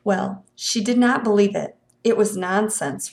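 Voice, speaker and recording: Woman reading a novel with a gravelly voice. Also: medium pitch, unhurried, slight background noise. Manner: expressive storytelling. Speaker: reader of a novel.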